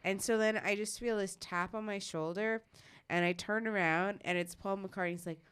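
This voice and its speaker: Smooth-voiced woman telling a wild story. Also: mid-range voice, normal speed. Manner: animated storyteller, swears freely, acts out quoted voices. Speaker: podcast co-host. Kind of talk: casual chat, storytelling.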